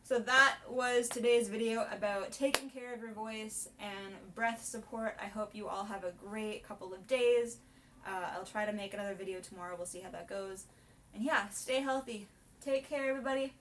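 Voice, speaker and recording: A woman's voice: mid-range voice, steady tone, normal speed, fairly bright tone, a little hiss or hum. A young woman, a soprano singing teacher, chatting through a casual vocal lesson in an explanatory way. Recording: voice from a distance, piano behind.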